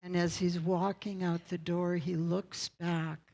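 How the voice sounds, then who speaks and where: A woman's voice: on the low side, little pitch movement, slow pace, gravelly, darkish tone, poor audio. A woman pastor giving a sermon, telling a story in a conversational way and checking in with her congregation.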